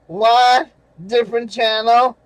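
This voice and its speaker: An older man rants about a broadcast in an angry, sarcastic way, breaking into bitter little laughs and swearing freely. His voice sits fairly high and he drags his words out slowly. The sound is dry and close, with no room around it. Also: steady tone, clear, resonant tone, no room sound, rough recording. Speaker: channel host reading viewer comments. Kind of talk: casual rant over screenshots.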